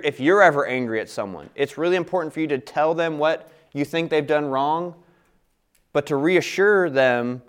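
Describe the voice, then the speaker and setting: A man with a smooth, resonant voice teaching through a scripture passage. He sits a bit high in his register, reads verses and then talks them through in an easygoing, conversational way. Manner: conversational, explains scripture with frequent "all right" and restarts. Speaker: teacher of a Bible study. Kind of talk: Bible teaching.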